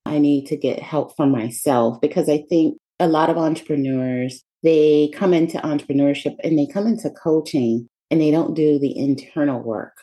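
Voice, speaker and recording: A woman's voice: low voice, moderate pace, few pauses, warm tone. A woman hosting an interview, who talks thoughtfully and explains a point before asking her question. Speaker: podcast host. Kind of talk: conversational interview.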